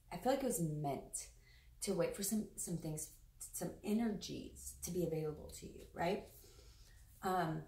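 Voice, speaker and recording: A woman's voice: lowish voice, a little mellow. A woman giving a casual, effusive tarot reading to camera, rambling and chatty with plenty of fillers and the odd swear word. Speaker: tarot reader. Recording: roomy sound, a bit distant from the mic.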